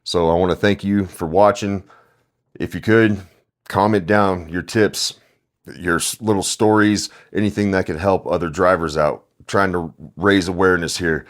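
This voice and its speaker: A man's voice: low-pitched, steady tone, moderate pace. A young man hosting a podcast, telling delivery-driver stories in a rambling, heavily profane casual monologue.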